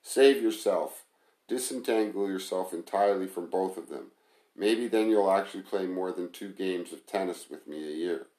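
A man's voice: low-pitched, moderate pace, warm tone, lightly acted. A man doing a bossy, scornful restaurant manager. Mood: serious. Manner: mocking, bossy, insulting. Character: blunt scornful male restaurant manager, adult. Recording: roomy echo.

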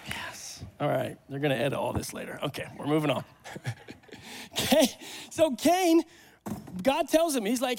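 A man preaching a sermon at a church service, animated and joking, acting out the voices in the Bible stories. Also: extremely high pitch, moderate pace. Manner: animated, acts out Bible voices, jokes with congregation. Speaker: pastor.

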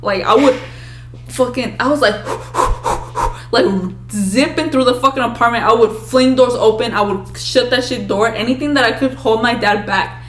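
A young woman co-hosting a podcast, telling childhood stories in a casual, profane, animated way. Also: on the high side, moderate pace. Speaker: podcast co-host. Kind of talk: casual storytelling chat.

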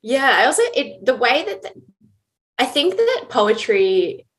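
A woman's voice: on the high side, big pitch swings, measured pace, fairly bright tone, a little hiss or hum. A woman co-hosting a podcast, talking thoughtfully in casual chat. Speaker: podcast co-host.

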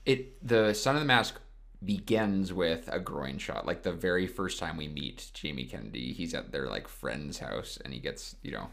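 A podcast co-host talks through a film casually, rambling loosely and dropping in plenty of filler words. His deep, expressive voice moves at normal speed, with a creaky edge and a slight brightness.

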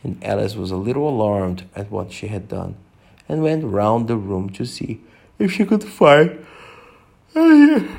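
A man's voice: lowish voice, gravelly. A man reading a children's story aloud in a casual way, with slips and small asides.

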